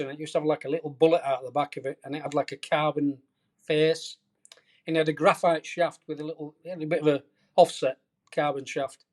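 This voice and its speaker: Animated middle-aged caddie telling stories. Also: male voice, on the high side. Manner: animated, colorful storyteller. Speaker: veteran golf caddie, podcast guest. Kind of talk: storytelling anecdote in a podcast interview.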